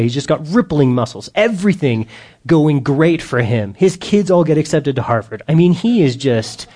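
A man giving an informal sermon to a group, telling a Bible story in a lively, slangy, casual way. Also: medium pitch.

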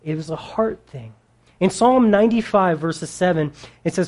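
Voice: mid-range voice, moderate pace, a little mellow. A preacher giving a sermon in a conversational way, asking the listeners questions and adding wry humorous asides.

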